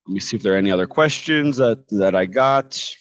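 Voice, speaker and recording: A man teaching a casual English lesson, explaining with jokes and lively asides. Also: fairly low pitch, brisk, no room sound, dull audio. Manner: lively, joking, animated explanations.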